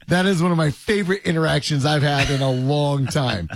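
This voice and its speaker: A man's voice: a little high, fairly even intonation, moderate pace, creaky, dry recording. A man hosting a sports radio show in casual banter, joking and rambling with frequent laughs.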